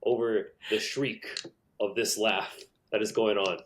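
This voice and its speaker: A man's voice: fairly low pitch, fairly even intonation, measured pace, slight background noise. A man running a tabletop game as game master, narrating in an easygoing way.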